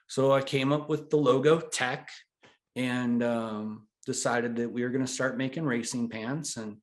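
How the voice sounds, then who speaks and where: A man in his forties, telling his story with animated, casual energy as an interview guest. His voice sits at an ordinary middle pitch. He talks loosely and now and then lets a swear word slip. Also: measured pace. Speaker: interview guest, brand founder.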